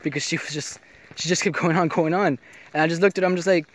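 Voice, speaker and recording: A man's voice: on the high side, steady tone, fast talker. A man rambling through a casual vlog monologue, swearing freely and filling his talk with "you know" and "I'm like.". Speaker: vlogger.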